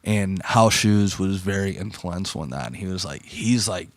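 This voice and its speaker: A man's voice: deep voice, expressive, moderate pace, dry recording. A young man from Pittsburgh telling stories in a casual chat as a podcast guest, laid-back and slangy, full of "like" and "dude".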